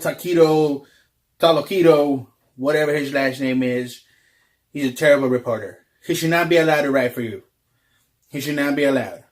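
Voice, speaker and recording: A man's voice: on the high side, lightly acted. A man doing a blustering pompous politician. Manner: repetitive, declaring things terrible and fake. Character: blustering pompous male politician railing at the press. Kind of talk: comic impression.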